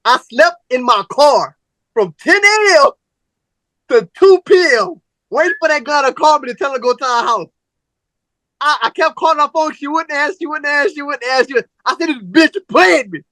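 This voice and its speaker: Bright-voiced man telling a wild story. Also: extremely high pitch, normal speed, no room sound. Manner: animated, profane storyteller, acts out both sides of conversations. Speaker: podcast host. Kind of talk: casual storytelling chat.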